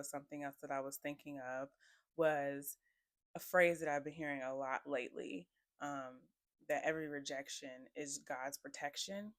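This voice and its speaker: A woman's voice: deep voice, fairly bright tone, no echo. A young woman hosting her own podcast, chatting casually and rambling with lots of fillers and small laughs. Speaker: podcast host. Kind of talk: casual solo podcast chat.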